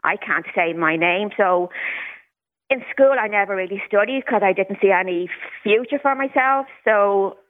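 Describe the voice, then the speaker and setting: A woman's voice: medium pitch, moderate pace. A woman, a caller on a radio phone-in, talking candidly with occasional stuttered repetitions. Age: 60s. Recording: tinny phone line.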